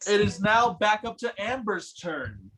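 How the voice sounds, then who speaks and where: A man with a high voice runs a tabletop game as game master. He narrates casually and often breaks into laughter. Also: sing-song, unhurried, crowd noise, low-quality recording.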